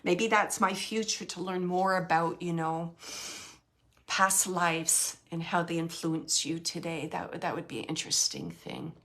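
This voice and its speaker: A woman's voice: lowish voice, unhurried, fairly bright tone. A middle-aged woman hosting a casual live chat as a medium, rambling and correcting herself as she reassures viewers.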